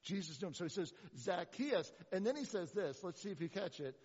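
A man preaches a sermon, swinging between loud, bright bursts and quiet, low asides, full of rhetorical questions and dry sarcasm. His voice sits fairly high for a man. The sound is dull and muffled, with a long reverb from a big hall. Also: lively intonation, brisk, few pauses, husky. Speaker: pastor.

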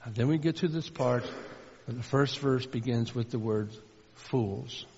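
A man's voice: a little slow, breathy edge. Earnest male preacher in a reverberant hall. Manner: earnest, swings between loud emphasis and soft low asides. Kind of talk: sermon. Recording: muffled sound with long hall reverb.

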